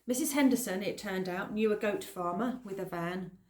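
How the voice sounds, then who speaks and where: Expressive woman reading an audiobook. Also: medium pitch, moderate pace. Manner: expressive, lively storytelling. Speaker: audiobook narrator. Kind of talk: scripted narration.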